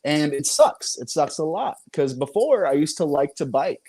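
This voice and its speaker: A man's voice: a little high, sing-song, normal speed, a little mellow, breathy edge. A young man doing a self-mocking stand-up set, chuckling between jokes. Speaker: comedian and show host.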